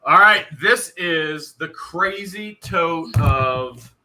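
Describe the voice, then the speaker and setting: A man's voice: fairly high pitch, expressive, very slow, pushed and bright, soft background music. A man hosting a live stream auction, talking straight to chat viewers with lots of energy and some repeating of himself. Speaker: host of an online storage auction stream.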